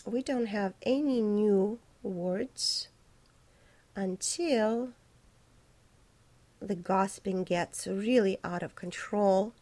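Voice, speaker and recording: A woman teaching a choir the diction of their parts, explaining slowly and precisely and breaking into high, light sung syllables to demonstrate. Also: a little mellow. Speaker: choir director. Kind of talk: choral diction lesson.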